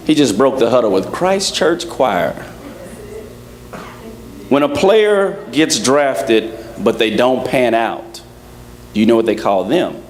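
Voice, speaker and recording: Playful male preacher. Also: mid-range voice. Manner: playful, acts out quotes, laughs with congregation. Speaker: pastor. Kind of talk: sermon. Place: church service.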